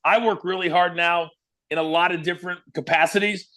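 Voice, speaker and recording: High bright-voiced guy from kansas telling stories on a podcast. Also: brisk. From Kansas, USA. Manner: animated storyteller who acts out quotes. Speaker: guest, former wrestling broadcaster. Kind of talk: casual interview storytelling.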